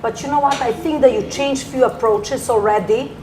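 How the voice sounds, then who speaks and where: A woman's voice: sits high, normal speed, background noise. A woman astrologer on a talk show giving rambling, earnest advice in loose, broken grammar. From from Toronto area. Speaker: astrologer guest. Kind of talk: casual talk show chat.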